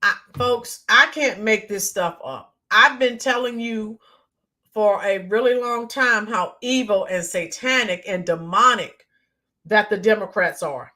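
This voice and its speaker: A woman hosting a casual livestream, greeting viewers by name and talking with frequent ums and pauses. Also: mid-range voice, pushed and bright. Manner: talks to viewers by name, halting with many ums. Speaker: livestream host reading chat.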